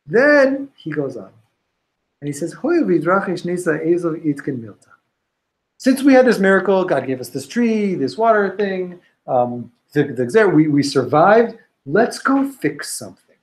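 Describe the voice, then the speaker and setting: A man teaching an informal Talmud class, retelling a story with lively restarts and Hebrew and Aramaic quotes. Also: on the high side, rough recording. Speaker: Torah teacher.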